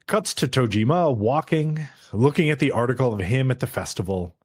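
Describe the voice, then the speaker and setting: A man's voice: medium pitch, lively intonation, fairly quick, a little mellow. A man co-hosting a podcast, casually recapping an anime episode in a loose, joking way with some profanity. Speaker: podcast co-host.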